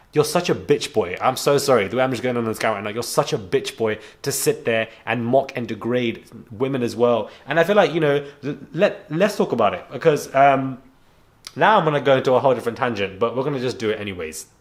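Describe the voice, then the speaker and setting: A man's voice: medium pitch, expressive, a little fast. A young man ranting to camera at home, frank and indignant, rambling with restarts and a self-described stutter. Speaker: YouTube commentator. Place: home on a rainy day.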